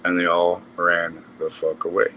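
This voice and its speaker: A man's voice: deep voice, monotone, moderate pace, pushed and bright, slight background noise, poor audio. A man telling stories in a casual group voice chat.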